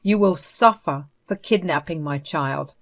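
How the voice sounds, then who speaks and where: A woman's voice: low voice, unhurried. A woman voicing a furious young mother who speaks in an angry, threatening way. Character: furious young mother confronting her child's abductor.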